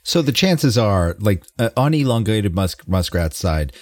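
A man's voice: fairly low pitch, big pitch swings, measured pace, darkish tone, no room sound, studio quality. A man co-hosting a casual podcast, rambling and self-mocking. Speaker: podcast co-host. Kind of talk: casual chat.

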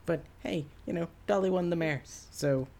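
A woman's voice: lowish voice, normal speed, creaky, a crowd in the background. A woman playing a tabletop game, talking in an easygoing, musing way. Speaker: player. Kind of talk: casual tabletop game play.

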